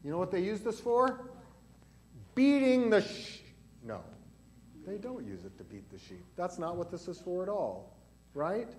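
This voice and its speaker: Higher-voiced man pastor teaching children. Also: sing-song, moderate pace. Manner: asks the children questions as he teaches. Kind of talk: catechism lesson for children and adults. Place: church.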